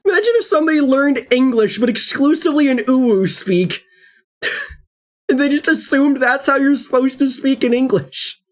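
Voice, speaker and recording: A streamer chatting casually while gaming, rambling with many fillers and frequent laughs, sometimes reading game text aloud in a lower, flatter tone. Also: normal speed. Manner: rambling, animated, laughs often; reads game text in a low flat tone.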